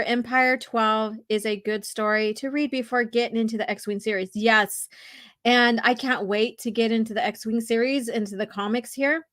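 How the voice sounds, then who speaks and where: A woman hosting a casual podcast, talking through a comic book and reading its dialogue aloud in slow, dramatic bursts, her voice slightly hoarse. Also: on the high side, fairly bright tone, no room sound, studio quality. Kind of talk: casual comic read-along chat.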